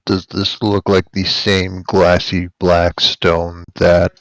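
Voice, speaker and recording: A man's voice: deep voice, little pitch movement, takes it slowly, a bit bright, no room sound. A man playing in a tabletop game, chatting casually and sometimes hesitating as he searches for words. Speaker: player.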